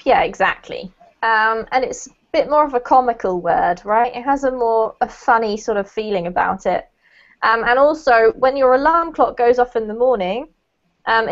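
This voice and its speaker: A woman teaching an online English class, patient and encouraging, laughing easily as she corrects pronunciation. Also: a little high. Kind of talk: online group English lesson. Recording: lo-fi online call audio.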